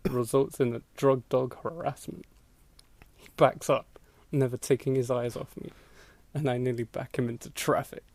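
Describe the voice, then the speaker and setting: A man's voice: on the high side, gravelly, darkish tone, dry recording. A man hosting a podcast, reading an old story aloud for laughs, breaking into laughter and acting out the lines. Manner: laughing through a mocking read, acting out voices. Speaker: podcast host. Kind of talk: comedic dramatic reading of an old blog post.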